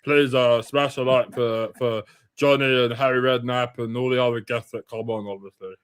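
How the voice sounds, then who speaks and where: A comedy co-host plays a polite, bland male star striker, speaking in a monotone and tacking "obviously" onto every sentence. His voice is medium-pitched and close to an everyday voice, at a moderate pace, with background noise.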